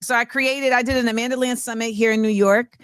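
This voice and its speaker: A woman's voice: a little high, a little fast, clear, resonant tone, no room sound. A woman hosting a casual talk show, telling stories with acted-out quotes. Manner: animated storyteller, acts out quotes. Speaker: host. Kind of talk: casual chat.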